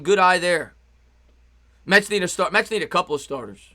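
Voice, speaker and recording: A young man calls baseball play-by-play for his live stream, with a high, bright, ringing voice. He is excitable and chatty, breaking off between pitches to greet viewers and read their messages. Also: normal speed, long pauses.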